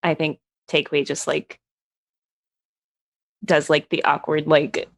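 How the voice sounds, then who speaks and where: A woman's voice: sits low, level tone, slow pace, vocal fry. A woman playing in a tabletop game, chatting casually and hedging with fillers. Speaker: player.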